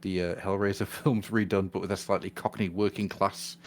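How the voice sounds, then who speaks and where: A man's voice: deep voice, little pitch movement, normal speed. Jokey man hosting a podcast. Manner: jokey, theatrical, laughs often. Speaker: podcast host. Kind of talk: casual chat.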